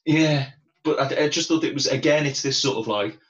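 A man co-hosting a podcast in relaxed casual chat about a film, chuckling, with lots of fillers. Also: a little high, fairly quick, highs cut off. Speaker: podcast co-host.

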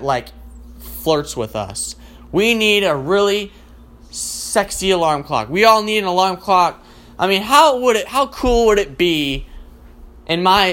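A man doing a rambling, profanity-filled comic rant in a casual, animated way. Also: sits high. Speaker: comedian.

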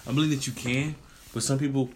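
A man's voice: mid-range voice, steady tone, quick pace, a little hiss or hum. A man co-hosting a casual chat, speaking earnestly and reflectively, often repeating "I feel like". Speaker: podcast co-host.

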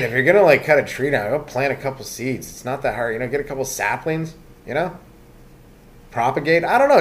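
A man from Canada hosting a solo comedy podcast, rambling loosely from one aside to the next with lots of fillers. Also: medium pitch.

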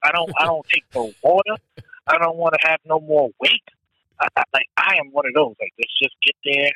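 A man's voice: on the high side, a little fast, bright, forceful tone, no echo, rough recording. A man in casual chat, telling stories with lots of animation, acting out his own nervous voice and swearing freely.

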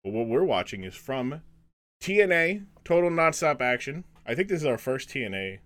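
This podcast host, a man, chats casually and rambles, halting often with restarts and filler words. His voice is mid-range and fairly bright, with large swings in pitch.

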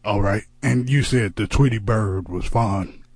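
A man hosting a comedy radio show, deadpan and mock-serious, often stammering on repeated words. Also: lowish voice, measured pace, husky, no echo.

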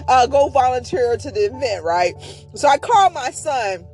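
A woman's voice: high voice, lively intonation, normal speed, a little mellow, soft background music. A woman hosting her own podcast, telling a personal story in a chatty, rambling way with many fillers and frequent mentions of God. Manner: devout, often mentioning God. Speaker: podcast host. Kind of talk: casual storytelling monologue.

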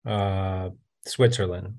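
A man's voice: deep voice, steady tone, takes it slowly, darkish tone. A man hosting a podcast, asking loose, casual follow-up questions. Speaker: podcast host.

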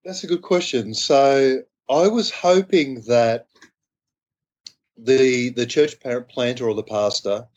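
A man's voice: mid-range voice, slow, darkish tone. Australian male guest, thoughtful, self-deprecating, dull remote sound. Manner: thoughtful, modest, hesitant restarts. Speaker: guest author. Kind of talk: podcast interview.

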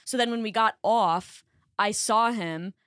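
A woman co-hosting a podcast in casual chat, excitable and rambling, swearing freely, recorded in a basement studio. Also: medium pitch, measured pace, smooth, dry recording. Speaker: podcast co-host.

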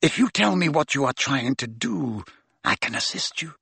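A man voicing a cold, stern male schoolmaster who speaks low, quietly and in clipped phrases, in an audiobook. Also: big pitch swings, normal speed, gravelly, breathy edge, no room sound, full character voice. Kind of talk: audiobook character voice.

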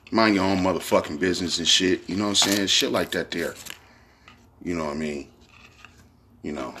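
Deep-voiced with a slightly bright tone, a podcast host delivers a casual monologue by himself. His talk is loose and meandering, packed with slang and profanity, with "you know what I'm saying" coming up repeatedly.

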